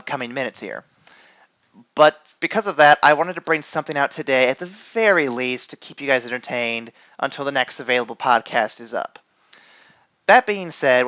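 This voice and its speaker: A man's voice: medium pitch, sharp tone, no echo, lo-fi sound. A young man hosting a comedy podcast in a goofy, self-mocking way. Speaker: podcast host.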